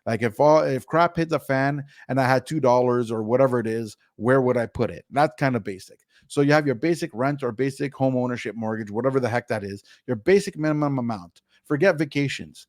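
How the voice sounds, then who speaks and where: A man's voice: medium pitch, brisk, hardly any pauses, dry recording. Guy giving blunt no-nonsense money tips, casual, bit of swearing, dry close sound. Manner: blunt, down-to-earth, mildly profane. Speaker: guest. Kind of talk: casual interview advice.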